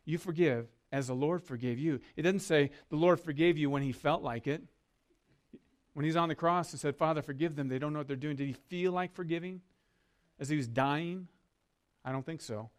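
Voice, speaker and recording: This pastor's voice sits fairly high and moves at a normal speed. Preaching earnestly, he draws his listeners into call-and-response so they echo his words back.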